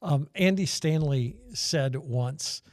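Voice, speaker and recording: A man's voice: fairly high pitch, slow pace, darkish tone, dry recording, studio quality. A man hosting a church talk, asking questions in a hesitant, searching way. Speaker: host. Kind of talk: interview questions.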